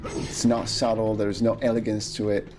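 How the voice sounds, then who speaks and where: A man's voice: on the low side, level tone, normal speed, background noise. A man from Italy with an Italian accent, chatting casually and opinionatedly while streaming a speedrun, often restarting his sentences. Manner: musing, opinionated, hesitant with restarts. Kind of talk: casual chat while gaming. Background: game music.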